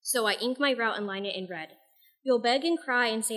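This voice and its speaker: A young woman reading her own poetry and a novel excerpt aloud at an open mic night, soft-spoken and a little self-deprecating between pieces. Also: on the high side, brisk, faint music behind.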